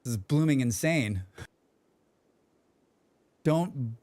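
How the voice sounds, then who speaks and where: A man's voice: mid-range voice, animated, extremely slow, darkish tone, no echo. A man streaming a game, chatting with his viewers in a joking, rambling way and humming to himself. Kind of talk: casual livestream chat.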